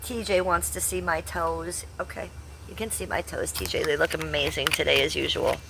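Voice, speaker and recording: A woman's voice: deep voice, fairly even intonation, normal speed, creaky, fairly bright tone, slight background noise. A woman in her fifties chatting brashly on a live stream, reading out and answering the chat with blunt, salty humor. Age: 50s. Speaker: livestreamer.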